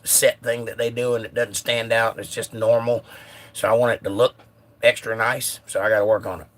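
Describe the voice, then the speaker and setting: A man hosting a casual live stream who is a little hoarse, reading viewer comments aloud in a laid-back way. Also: medium pitch, a bit bright. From United States. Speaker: livestream host reading chat.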